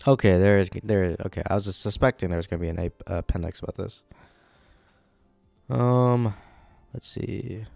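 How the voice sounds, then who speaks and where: A man's voice: sits low, normal speed, gravelly, pauses often, darkish tone, dry recording, faint music behind. A man giving casual, rambling commentary on a manga during a live reading, often checking in with the audience. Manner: rambling, keeps checking in with "right?".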